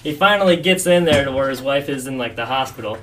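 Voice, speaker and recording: A man's voice: mid-range voice, lively intonation, fast, fairly bright tone, far from the mic, slight background noise. A man co-hosting a casual sports podcast, telling stories animatedly and acting out the quotes. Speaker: podcast co-host.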